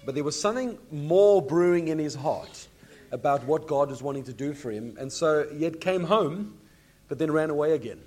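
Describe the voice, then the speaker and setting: A man's voice: a little high, lively intonation, normal speed, a little mellow. A male pastor interviewing a guest in front of his congregation, coaxing him on and explaining things to the audience. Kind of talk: leading a church interview.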